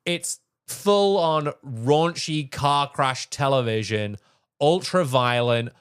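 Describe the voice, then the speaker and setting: Profane, excited man. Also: medium pitch, slow pace, clean tone. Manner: enthusiastic, laughing, profane. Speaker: podcast co-host. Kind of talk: casual chat.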